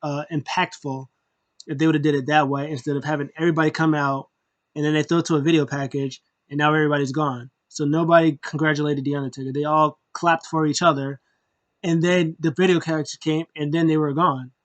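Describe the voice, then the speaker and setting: Man, casual reviewer, rambling, animated, slightly high pitch, dry recording. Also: brisk, no room sound, highs cut off. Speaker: wrestling show reviewer. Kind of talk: casual recap and opinion.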